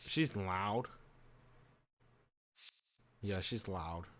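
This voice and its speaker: A man's voice: deep voice, drawn-out words, fairly bright tone. A man streaming a visual novel, musing aloud in casual slang as he reacts to the story. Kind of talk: casual let's-play commentary.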